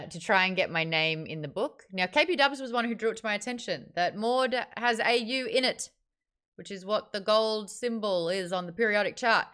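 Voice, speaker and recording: Bright, crisp-voiced woman host. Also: medium pitch. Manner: chatty and animated, jumps between topics. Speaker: book club host. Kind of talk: casual livestream chat.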